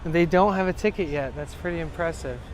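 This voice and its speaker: A man's voice: on the high side, fast. A young man chatting casually on a live stream from a city street, loose and chatty and swearing freely. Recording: faint street noise behind.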